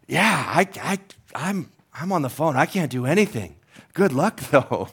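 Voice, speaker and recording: A man's voice: fairly high pitch, lively intonation, a little slow, gravelly, fairly bright tone, husky, voice pushed up, exaggerated voice. A man voicing a panicked, helpless emergency phone operator who stammers. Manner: frantic, stammering.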